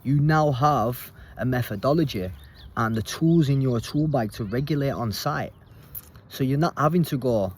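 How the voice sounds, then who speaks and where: A man's voice: mid-range voice, darkish tone, husky. A man giving a casual, earnest self-help talk as a coach, plain-spoken and repeating his points.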